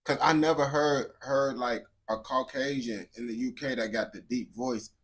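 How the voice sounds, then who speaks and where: A young man talks straight to his viewers in a loose, wandering way. He fills every pause with bro and questions, and his voice sits in an ordinary middle pitch. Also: fairly even intonation, a bit bright. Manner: loose, rambling, talks to chat, says bro a lot. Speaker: streamer reacting to a video. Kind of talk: casual live reaction chat.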